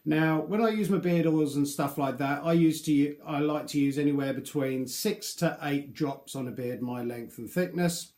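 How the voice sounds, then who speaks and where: A man's voice: on the high side, normal speed, few pauses, a little mellow. A man chatting casually through a beard product review, rambling and joking about himself. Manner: chatty, rambling, self-deprecating. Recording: echoey room.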